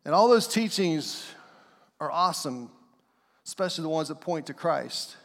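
A fairly high-voiced man preaches to his congregation in an easy, conversational way, now and then slipping into the voices of the people he describes. His words ring out with a long reverb through a large church sanctuary. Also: animated, normal speed, creaky, fairly bright tone. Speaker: pastor. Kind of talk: sermon.

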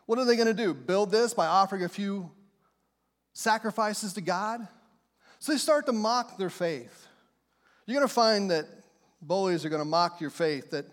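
High-voiced folksy preacher man. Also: long reverb tail. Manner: folksy storytelling, plain speech. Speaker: pastor. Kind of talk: sermon.

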